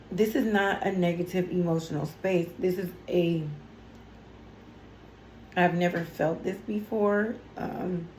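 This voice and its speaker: A woman's voice: lowish voice, a little mellow, echoey room, slight background noise, rough recording. A woman giving a casual tarot reading on her channel, talking in an emotional, chatty way with lots of fillers, teary as she goes. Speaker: tarot reader.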